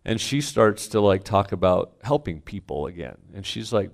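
A middle-aged pastor tells his congregation a candid, self-mocking family story in a storytelling sermon, moving between quiet asides and loud punchlines. His voice sits lowish and creaky, with a sing-song lilt, a normal pace, and few pauses.

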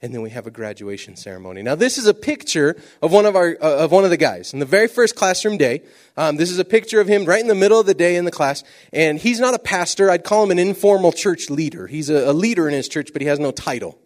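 Animated man telling mission stories. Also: on the high side, quick pace. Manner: animated storytelling, drops to near whisper for emphasis. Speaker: missionary speaker. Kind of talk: sermon-style talk with stories.

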